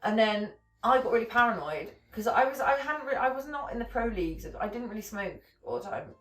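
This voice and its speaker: A woman's voice: fairly high pitch, lively intonation, fairly quick, fairly bright tone. A woman, rambling through stories as a podcast co-host, swearing often and restarting her sentences. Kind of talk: casual chat, storytelling. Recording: echoey room, distant mic, faint music.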